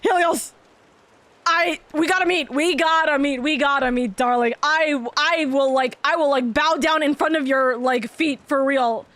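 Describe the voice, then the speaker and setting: A woman with a high, bright speaking voice hosts a casual live stream. She rattles on quickly and affectionately, repeating herself as she greets her viewers one after another. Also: no room sound. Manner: bubbly, affectionate, rapid and rambling. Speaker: VTuber streamer.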